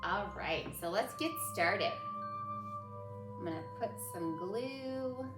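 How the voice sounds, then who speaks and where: A woman hosting a library story time, reading a picture book aloud gently to children and showing a simple craft. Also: medium pitch, expressive, slow pace. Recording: echoey room with background music.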